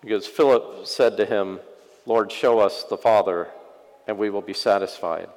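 A male pastor preaching a sermon with wry, sarcastic asides, swinging from loud passages to very quiet ones. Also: on the low side, moderate pace, in a large hall, rough recording.

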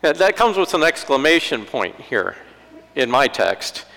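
A man's voice: medium pitch, very animated, a little slow, gravelly, fairly bright tone, big-room sound, rough recording. A man preaching a conversational sermon in a church, with wry asides and acted-out quotes.

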